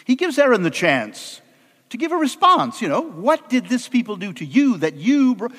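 A man preaching a sermon as an animated, humorous storyteller with a conversational delivery. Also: very high voice, normal speed, long reverb tail.

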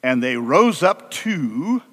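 A man preaching a sermon as an animated, humorous storyteller with a conversational delivery. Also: a little high, slow, in a large hall.

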